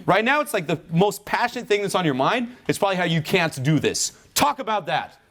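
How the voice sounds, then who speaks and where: A man's voice: high-pitched, sing-song, brisk, fairly bright tone. A man coaching someone through a speech, blunt, pushy and full of swearing. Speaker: speaking coach. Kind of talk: live coaching session.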